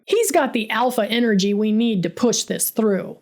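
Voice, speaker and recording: A woman's voice: fairly high pitch, normal speed, darkish tone, close to an everyday voice. A woman voicing an arrogant, condescending male construction boss in a storybook narration, smug and dismissive.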